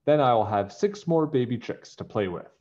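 A man voicing an excitable, friendly young duckling in a storybook reading, with a high, eager voice. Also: normal speed, lightly acted. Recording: dull lo-fi recording.

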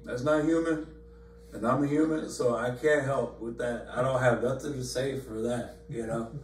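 A mid-range male voice with fairly even intonation and moderate pace leads an informal Bible study in a church meeting room, chatting conversationally with many fillers and repeated words. The room echoes, the mic is distant, and there's a faint hum.

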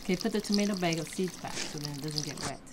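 A woman's voice: sits low, fast talker. A young adult woman playing a game with her child, coaching and cheering her on in casual chat. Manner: coaching, encouraging, exclaiming. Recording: loud background noise.

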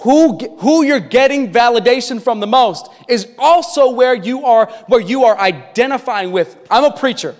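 A man preaching a sermon as pastor, with impassioned delivery that swings from loud to hushed. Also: very high voice, expressive, moderate pace, hardly any pauses. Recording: long reverb of a large hall.

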